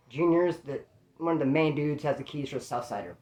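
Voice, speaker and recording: Speaking a little fast, a man with a voice on the high side tells a casual story about prison life, and the sound is reverberant. His delivery is slangy and animated street talk, and he performs the voices of the people in the tale.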